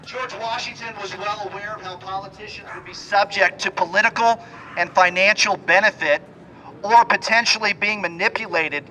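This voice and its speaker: A man's voice: high voice, pushed and bright, rough recording. A man delivering a formal, declamatory prepared speech outdoors at a rally. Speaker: rally speaker.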